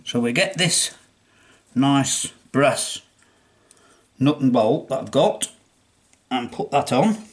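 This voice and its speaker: A man's voice: medium pitch, expressive, slow, pauses often. An older man with an English accent, chatting his way through a workshop demonstration as he assembles something, talking himself through each step. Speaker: hobbyist restorer. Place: home workshop.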